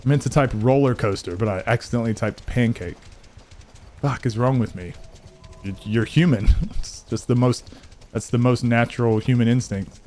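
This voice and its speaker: A man's voice: medium pitch, moderate pace, a little mellow, slight background noise. Rambling, joking male gaming streamer. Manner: rambling, joking, swears freely, reacts to chat. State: tired late at night. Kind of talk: casual live-stream chat.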